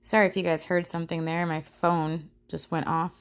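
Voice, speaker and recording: A woman hosting a true-crime podcast, talking casually in a halting way with frequent restarts and fillers. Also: lowish voice, flat delivery. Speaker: podcast host.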